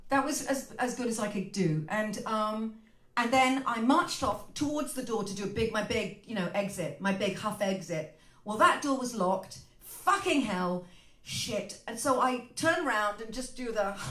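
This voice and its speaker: A woman singer-songwriter telling a lively, profane, self-mocking story between songs. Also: mid-range voice, echoey room.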